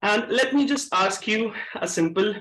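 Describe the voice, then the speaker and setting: Bright-voiced man. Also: sits high, moderate pace. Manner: energetic, coaxes the audience with questions. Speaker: speaker at a public-speaking club. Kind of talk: interactive pronunciation workshop. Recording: echoey meeting room.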